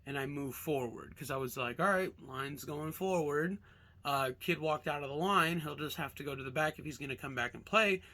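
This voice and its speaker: A man's voice: a little high, moderate pace, sharp tone. A young man from Alaska casually telling a rambling childhood story with lots of fillers and swearing. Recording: music playing behind.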